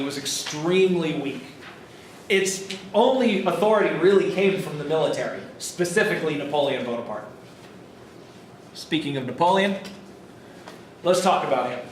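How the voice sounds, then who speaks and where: A man's voice: fairly high pitch, recorded from a distance, a little hiss or hum. A man giving a casual college history lecture, telling the story with acted-out quotes and the odd swear word. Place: classroom. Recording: echoey classroom recorded from afar.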